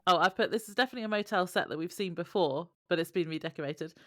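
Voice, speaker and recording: A woman's voice: lowish voice, fast talker, fairly bright tone, no room sound, clean studio sound. A woman co-hosting a podcast, reading her notes aloud and laughing often. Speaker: podcast co-host. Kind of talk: casual episode recap chat.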